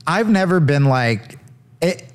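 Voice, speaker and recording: A male comedian hosts his show, reacting to clips with sarcastic riffs. His voice sits a little high and swings all over the place as he jokes. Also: animated, takes it slowly. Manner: sarcastic, riffing. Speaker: comedian host. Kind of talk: comedic commentary on video clips.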